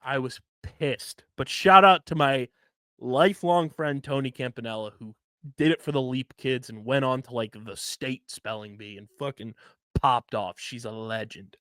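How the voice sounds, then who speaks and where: A man's voice: medium pitch, moderate pace, no room sound, clean studio sound. A man, co-hosting a casual podcast and telling stories with lots of swearing. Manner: animated storytelling, swearing, spells words letter by letter. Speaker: podcast co-host.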